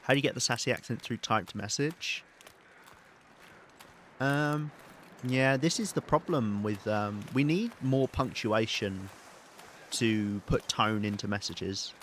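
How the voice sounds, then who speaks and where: Casual male streamer, low voice, loose thinking-aloud commentary. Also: measured pace, fairly bright tone, a little hiss or hum. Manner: chatty, rambling, thinks aloud while playing. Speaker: game streamer. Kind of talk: live-streamed let's play commentary.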